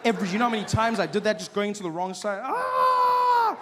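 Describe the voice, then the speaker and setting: A young man from South Africa with a South African accent, telling stories in a stand-up comedy set and bursting into loud acted shouts. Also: sits high, steady tone, very fast, in a large hall, very noisy. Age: 20s.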